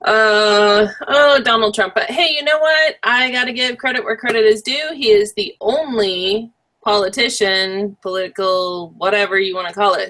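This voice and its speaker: A woman co-hosting a casual chat, wry with deadpan asides and trailing restarts. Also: medium pitch, moderate pace. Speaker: co-host.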